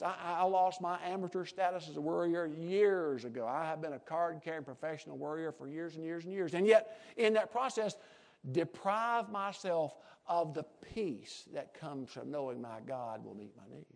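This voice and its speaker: A middle-aged pastor with a drawl delivers a folksy sermon in a notably high voice. He drops into soft, confiding asides, then climbs to loud, emphatic peaks. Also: moderate pace, gravelly.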